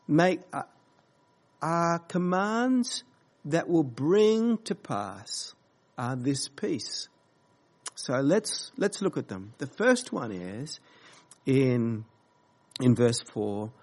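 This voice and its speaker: Male pastor, slightly high voice, slow halting earnest delivery. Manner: slow, halting, earnest preaching with many fillers. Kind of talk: sermon.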